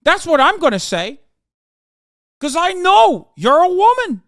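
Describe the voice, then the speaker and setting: A man putting on a whiny, shrill parody of a middle-aged male pundit, squealing and on the verge of tears. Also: very animated, measured pace, fairly bright tone, dry recording, studio quality, full character voice. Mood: mocking, sneering. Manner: squealing, overwrought mock-tearful delivery.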